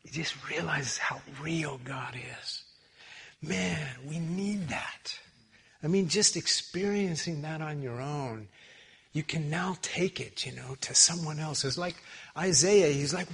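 A man preaching a sermon in church, telling stories with animated, loud peaks and quiet asides. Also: on the high side, unhurried, vocal fry, husky. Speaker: pastor.

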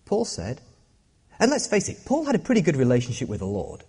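Animated joking pastor in an echoing hall. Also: male voice, on the high side, a little fast, breathy edge. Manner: self-deprecating, joking, animated delivery. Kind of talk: sermon. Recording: long hall reverb.

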